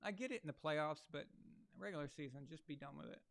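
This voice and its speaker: A man hosting a live sports watch-along, with a slightly raised pitch and a gravelly, fry-edged tone. He talks loosely and crudely, tossing off sarcastic jokes between plays. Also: fast talker, fairly bright tone. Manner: crude, sarcastic, joking asides. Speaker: live sports show host.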